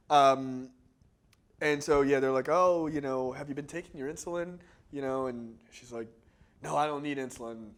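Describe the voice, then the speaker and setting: A man co-hosting a casual movie-review podcast, rambling through tangents, laughing often and acting out other people's lines. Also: medium pitch. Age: adult. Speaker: podcast co-host.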